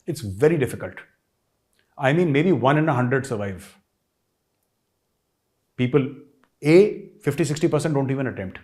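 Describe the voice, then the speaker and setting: Host, male, middle-aged, Indian English accent; emphatic rhetorical commentary, average pitch. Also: expressive, normal speed, pauses often, a little mellow. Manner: emphatic, rhetorical questions, repeats points. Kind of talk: commentary monologue to camera.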